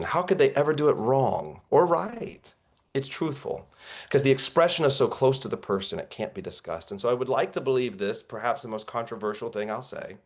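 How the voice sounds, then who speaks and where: A man coaching actors in an online workshop, telling stories in an earnest, reflective way over a video call. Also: mid-range voice. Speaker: acting coach.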